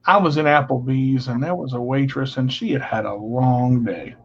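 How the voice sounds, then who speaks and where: A playful co-host spinning jokey stories in casual radio chat. The voice sits at an everyday middle pitch. The sound is dull and lo-fi. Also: normal speed, breathy edge. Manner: playful joking storyteller.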